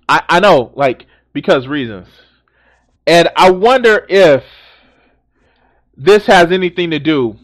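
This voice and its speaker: Exasperated man reacting, lively pitch. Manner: exasperated, swearing, repeats himself. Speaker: streamer reacting to a news video. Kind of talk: casual reaction commentary.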